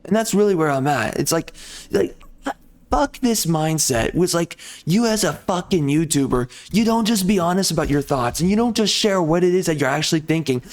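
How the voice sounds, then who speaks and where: A man's voice: fairly high pitch, expressive, a little fast. Profane, furious YouTuber man ranting. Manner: swearing heavily, exasperated, blunt. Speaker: gaming YouTuber. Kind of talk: angry profane rant.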